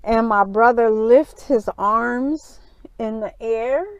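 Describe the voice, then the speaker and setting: A middle-aged woman earnestly telling a personal story in her vlog, halting often with fillers. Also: fairly high pitch, clean tone, dry recording, highs cut off. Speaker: vlogger.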